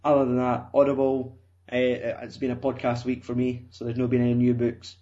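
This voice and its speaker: A young Scottish man talks through a podcast in a loose, rambling way, swearing and laughing at himself. His voice sits at an ordinary middle pitch. The sound is dull and lo-fi. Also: monotone, brisk, dark tone. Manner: rambling, self-mocking, swearing. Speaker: podcast co-host. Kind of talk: casual chat.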